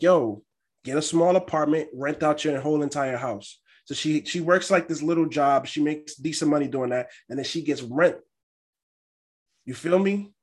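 A young man chatting casually as co-host, telling stories and acting out what others said. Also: a little high. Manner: storytelling, quotes others in an animated way. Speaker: podcast co-host. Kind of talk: casual chat.

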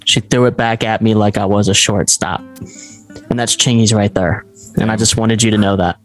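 A young man co-hosting a podcast, talking casually and jokingly, his voice jumping up when he gets excited. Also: moderate pace, faint music behind. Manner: animated, jokey, pitch jumps up when excited. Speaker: podcast co-host. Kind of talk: casual chat.

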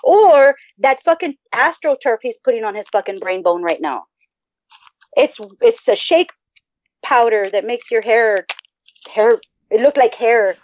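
A woman co-hosting a podcast in casual chat, profane and animated as she rambles. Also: a little high, unhurried. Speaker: podcast co-host. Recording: dull lo-fi sound.

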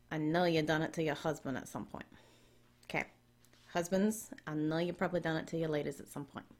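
Woman chatting about relationships, candid, talks right to you. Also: on the low side. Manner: candid storytelling, addresses listeners directly. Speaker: relationship advice speaker. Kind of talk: casual advice monologue.

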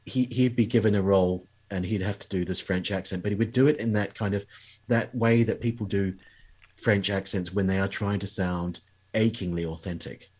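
Male host, low and husky, measured casual interviewer. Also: fairly even intonation, darkish tone. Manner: measured, asks questions. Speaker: podcast host.

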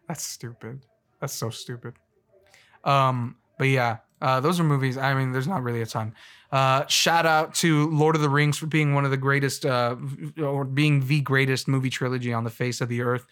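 A man ranting in a casual, comedic way, rambling and excitable with frequent stumbles and restarts. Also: mid-range voice, measured pace.

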